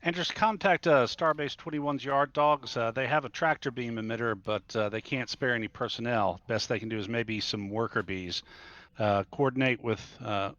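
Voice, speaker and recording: A man's voice: mid-range voice, moderate pace, a bit bright, dry recording, highs cut off. A man playing a starship captain in a tabletop role-play game, giving orders with many hesitations.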